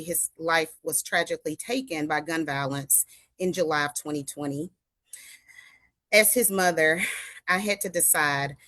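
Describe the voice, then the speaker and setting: Composed older woman with a low voice. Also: pushed and bright, dry recording. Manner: composed, earnest, measured. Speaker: guest, foundation founder. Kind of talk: interview answers.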